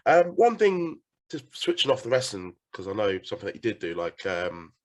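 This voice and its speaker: A man's voice: fairly low pitch, very animated, brisk. A man hosting a podcast, talking in a casual, enthusiastic way, swearing now and then and laughing often. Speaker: podcast host.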